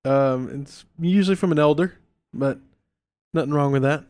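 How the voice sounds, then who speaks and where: A man's voice: on the high side, moderate pace, a little mellow, no room sound. A man from north central Texas co-hosting a podcast, chatting in an easygoing, agreeable way. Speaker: podcast co-host. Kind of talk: casual chat.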